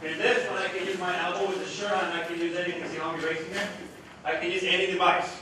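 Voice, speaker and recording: A man's voice: high voice, little pitch movement, racing, background noise. A man giving a live product demonstration to a committee in a large meeting room, projecting his voice without a microphone and often checking that the audience is following. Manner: projecting loudly without a mic, quizzing the audience. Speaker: education technology presenter. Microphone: no mic, room recording from afar. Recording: very echoey room audio from far off.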